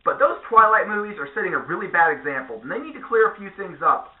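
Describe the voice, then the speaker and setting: A man's voice: high voice, quick pace, narrow, tinny audio. Guy ranting on his vlog, sarcastic and swearing, sounds like a phone mic in an echoey room. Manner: sarcastic, profane, animated. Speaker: vlogger. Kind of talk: ranting monologue.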